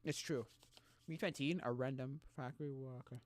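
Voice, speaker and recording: A man's voice: medium pitch, steady tone, no room sound. A man in his casual stream chat, rambling and stumbling through restarts in a mid-range voice. He is recorded close and dry, with no room sound around him. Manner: rambling, halting with restarts, mocking quoted voices.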